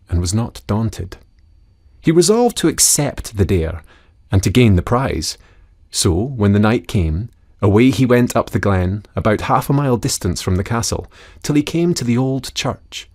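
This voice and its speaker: A man from Scotland with a Scottish accent, narrating a fairy tale for children in a chatty, unhurried way. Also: lowish voice, a little mellow, breathy edge. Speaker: storyteller.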